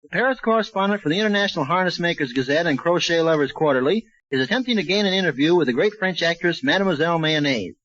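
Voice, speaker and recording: A man hosts a 1940s radio comedy show, rattling off a spoof newsreel with brash, wisecracking patter. His voice sits a little high. The sound is dull and muffled, like an old radio transcription. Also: lively intonation, fast, few pauses, fairly bright tone.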